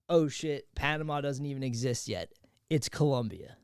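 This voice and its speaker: A man co-hosting a podcast, telling a history story in animated, profane, slangy casual chat. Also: mid-range voice, normal speed, clean tone, no room sound, clean studio sound. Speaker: podcast co-host.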